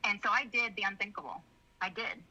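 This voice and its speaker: A woman's voice: medium pitch, a little fast, bright, forceful tone. A middle-aged woman telling a personal family story in an earnest, rambling way. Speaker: interview guest. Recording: slightly muffled video audio.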